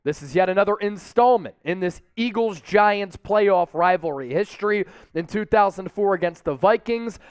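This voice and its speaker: A young man hosting a live sports watch party stream from a studio, energetic and hyping up viewers with shout-outs. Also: high-pitched, normal speed, few pauses, smooth, no room sound. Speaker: sports show host.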